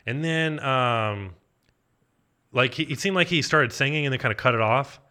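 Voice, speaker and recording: A man telling an improvised comedic story in a rambling, deadpan way, with a steady stream of "like". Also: medium pitch, moderate pace.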